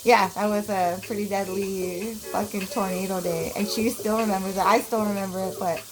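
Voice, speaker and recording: A woman's voice: mid-range voice, fairly even intonation, moderate pace, crowd noise, poor audio. A woman in her forties from Canada, telling blunt, profane stories from her childhood in a casual vlog, full of fillers. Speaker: vlogger.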